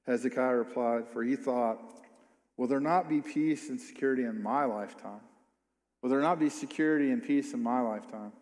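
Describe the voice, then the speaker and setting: A man's voice: on the high side, darkish tone. A man preaching a sermon, reading scripture aloud and then commenting on it with rising emphasis and repeated questions. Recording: long hall reverb.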